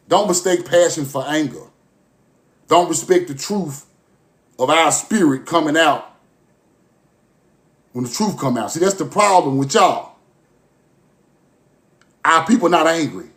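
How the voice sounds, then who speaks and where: A man delivers a passionate, profane monologue straight to his listeners. His voice sits high, and he keeps circling back to the same phrases. He moves from forceful outbursts to low, muttered stretches. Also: lively intonation, unhurried, pauses often. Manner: forceful, repetitive, profane, swings from loud to low. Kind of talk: impassioned monologue to camera.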